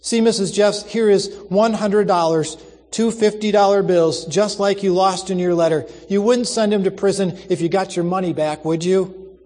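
An earnest, compassionate young woman, voiced by a man in a storybook reading. She speaks urgently and persuasively, pitched higher than usual. A long echoing reverb surrounds the voice. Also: expressive, moderate pace, warm tone.

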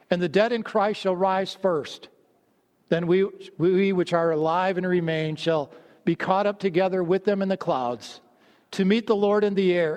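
A man preaching a sermon, telling stories and dropping low and slow to stress his points. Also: darkish tone. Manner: storytelling, drops low and slow for emphasis. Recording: long hall reverb.

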